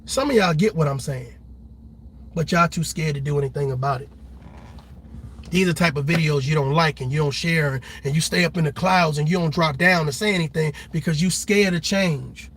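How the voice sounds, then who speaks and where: A man's voice: a little high, brisk, fairly bright tone, a little hiss or hum. A man giving passionate reaction commentary, preaching at his viewers and acting out the people he quotes. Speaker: commentary host.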